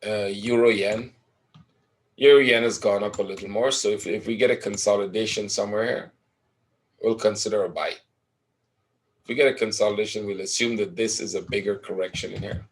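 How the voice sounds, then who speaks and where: A man's voice: on the low side, steady tone, normal speed. A man teaching forex trading in a live webinar, talking casually through chart patterns and often checking in with "right?".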